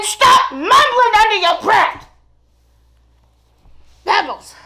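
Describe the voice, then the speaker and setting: A mischievous mermaid woman, played by a performer hosts a comedic mukbang skit. Her voice is pitched very high and squeaky, with a gravelly crackle running through it. She drawls slowly and slips into sing-song rhyming prayers. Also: pushed and bright, heavily acted. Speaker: mukbang show host character.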